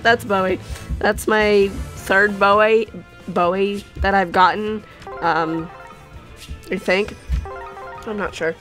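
A young woman giving casual, excitable commentary on her game summons, pleading and laughing often. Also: mid-range voice. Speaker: gaming YouTuber.

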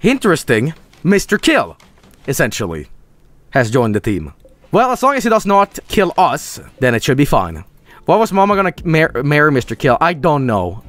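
A young man streaming a game, swearing and sarcastic, swinging between yelling and low mumbles. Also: huge pitch swings, moderate pace, no room sound.

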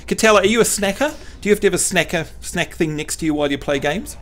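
Male streamer, slightly higher voice, chatty and teasing, casual tutorial host. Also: fast talker, fairly bright tone, slight background noise. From New Zealand. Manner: chatty, jokey, teasing the chat. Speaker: livestream host. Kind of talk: casual livestream chat and game tutorial.

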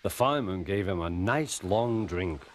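A man narrating a children's story in a gentle, lively storytelling manner. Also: low-pitched, moderate pace.

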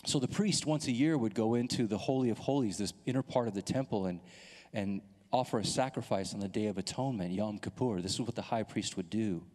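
A man's voice: fairly low pitch, a little fast. A male pastor in his thirties telling a personal story in a sermon, acting out the voices in the dialogue. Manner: animated storytelling, acts out dialogue. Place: church hall. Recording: long hall reverb.

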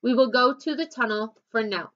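A woman voicing a yeti tribe leader and father in a storybook reading, solemn and measured. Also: fairly high pitch, a bit bright, muffled recording, close to an everyday voice.

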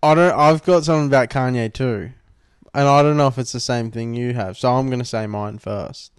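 A man's voice: mid-range voice, a little fast, smooth, no echo, studio quality. A young man co-hosting a podcast, bantering casually and joking with swearing. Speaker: podcast co-host.

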